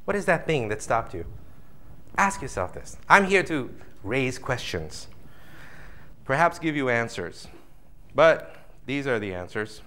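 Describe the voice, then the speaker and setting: Bright, animated male motivational speaker. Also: mid-range voice, unhurried, long pauses. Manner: animated, jokey, acts out audience voices. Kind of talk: live motivational seminar talk.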